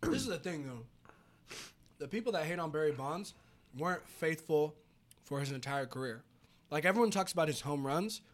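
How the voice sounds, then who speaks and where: Young bay area dude on a podcast, drinking, blunt, swears, slightly high voice. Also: male voice, lively intonation, moderate pace, long pauses. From San Francisco Bay Area. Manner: blunt, joking, swears often. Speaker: podcast guest. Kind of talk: drinking casual chat.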